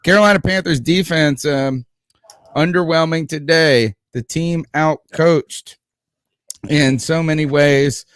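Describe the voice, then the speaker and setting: A man's voice: on the high side, takes it slowly, a bit bright, clear, resonant tone, no room sound, studio quality. A man hosting a sports podcast in a casual, joking, rambling way. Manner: joking, hyperbolic, rambling with fillers. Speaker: podcast host.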